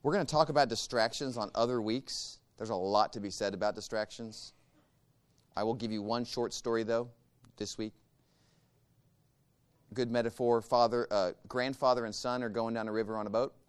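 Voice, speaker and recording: A man teaching a church group a guided meditation practice, calm and measured, giving step-by-step instructions. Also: mid-range voice, smooth.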